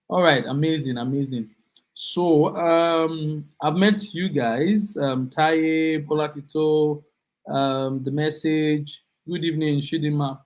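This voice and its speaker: A young man with a Nigerian accent runs a live online class, upbeat and chatty. He keeps repeating his words as he greets students one by one. His voice sits a little higher than most men's. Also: rough recording.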